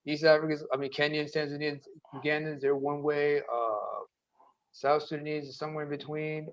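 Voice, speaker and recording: A man's voice: on the high side, steady tone, moderate pace. A man from the Horn of Africa region, a panel guest telling stories in casual chat and swearing freely. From Eritrea or Ethiopia region. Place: living in Scandinavia. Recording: dull lo-fi audio.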